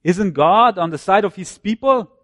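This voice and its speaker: A man delivers a sermon in a somewhat high-pitched voice, stacking short repeated phrases for emphasis. He falls low and quiet when he cites chapter and verse. The sound is dry and close, with no room echo. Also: expressive, normal speed. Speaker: preacher.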